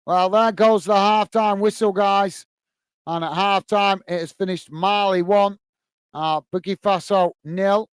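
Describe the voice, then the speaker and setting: A man with a British accent and a voice that sits high hosts a live football watch-along, commentating and reading chat while addressing viewers by name. His intonation is fairly even and his pace unhurried, with frequent "uh" fillers. The tone is clean, with no room sound.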